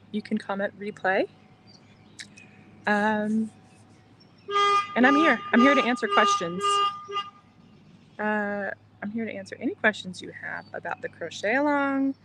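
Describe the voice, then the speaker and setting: A soft-spoken woman hosting a casual crochet livestream outdoors in the sun, chatting in a rambling, reassuring way. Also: mid-range voice, vocal fry, heavy background noise. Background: birds chirping.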